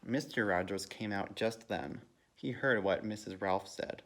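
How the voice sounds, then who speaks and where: Volunteer reader, male, somewhat low voice, storybook read-aloud that perks up for quoted lines. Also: unhurried, fairly bright tone. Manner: lifts pitch and volume for character quotes. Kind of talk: reading a children's picture book aloud.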